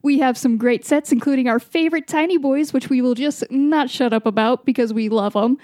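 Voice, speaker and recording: A woman's voice: high-pitched, a little fast, a little mellow, no echo, clean studio sound. A woman hosting a podcast, chatting casually with friends and reading the show's outro, upbeat and swearing freely. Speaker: podcast host.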